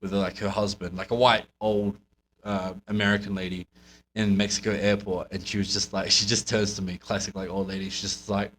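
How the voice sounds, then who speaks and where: A man's voice: lowish voice, flat delivery, a little fast, a bit bright, a little hiss or hum, poor audio. A man from New Zealand co-hosting a wrestling podcast in casual chat, laid-back and laughing often. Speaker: podcast co-host.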